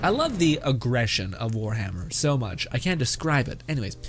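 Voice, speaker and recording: A man's voice: mid-range voice, big pitch swings, fairly quick, faint music behind. A man hosting a casual reaction video who rambles, swears freely and keeps breaking into laughter.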